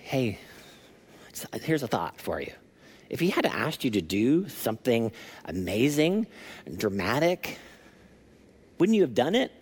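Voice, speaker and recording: A man voicing a loyal male servant who coaxes gently in a soft half-whisper. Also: sits high, sing-song, fast talker, few pauses, pitched above the performer's own voice, heavily acted. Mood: coaxing.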